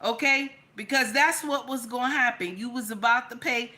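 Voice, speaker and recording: A woman's voice: fairly high pitch, moderate pace, pushed and bright. A young woman hosting a casual live-stream talk show, sassy and chatty, calling her viewers baby and honey. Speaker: podcast host.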